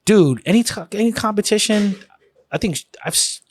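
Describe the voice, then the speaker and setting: Comedian guest from Oakland, slightly higher voice, dry close mic, rambling storyteller. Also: male voice, normal speed, no echo. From East Oakland, California. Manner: animated storyteller, many fillers and restarts. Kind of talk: casual podcast chat.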